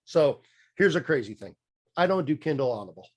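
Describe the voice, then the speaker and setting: A middle-aged mindset coach, guesting on a podcast, tells his story in a slightly high, sing-song voice at a brisk pace. It's a casual storytelling interview, and he's candid and rambling, full of fillers and restarts.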